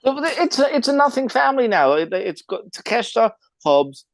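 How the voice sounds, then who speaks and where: This man has an extremely high, sing-song, gravelly voice with an English accent, talking at a normal speed. As a podcast co-host, he chats casually and explains at length, full of fillers and restarts. There's no echo.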